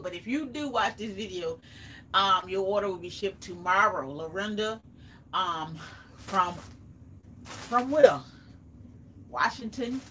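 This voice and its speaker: A woman's voice: medium pitch, pushed and bright, slight background noise. A woman with a Southern US accent chatting casually on a home live stream, drawling and talking straight to her viewers while she reads out their names. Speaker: live-stream host and small seller. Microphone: phone or camera set back from her.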